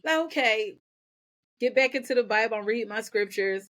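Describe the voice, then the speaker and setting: A woman guest on a podcast, telling her own story in energetic bursts and often repeating words as she goes. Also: on the high side, normal speed. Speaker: podcast guest, nonprofit founder. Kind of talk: candid personal storytelling.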